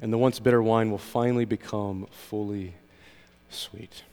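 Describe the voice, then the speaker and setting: A man's voice: lowish voice, steady tone, brisk, mellow, big-room sound. A man speaking as a pastor at communion, earnest, with frequent ums and small restarts. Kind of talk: communion meditation.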